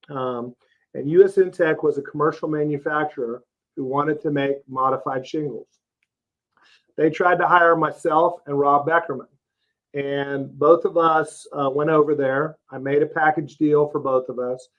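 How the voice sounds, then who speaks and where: A man in his fifties from Texas, a roofing company CEO telling his career story as a guest in a casual interview, plain-spoken and folksy. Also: a little high. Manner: plain-spoken, folksy, lots of "uh" and "you know". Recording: slightly dull, lo-fi podcast audio.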